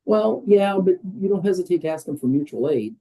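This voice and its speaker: A man's voice: high-pitched, animated, brisk, warm tone, poor audio. An older American man, a guest on a podcast interview, talking in a conversational, emphatic way with many fillers. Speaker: guest, wellness program leader.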